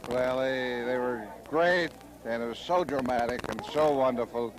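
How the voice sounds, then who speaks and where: A man's voice: medium pitch, moderate pace. An older man, a team executive, gushing with delight in a postgame TV interview. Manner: gushing, thrilled. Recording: 1970s TV broadcast with crowd noise.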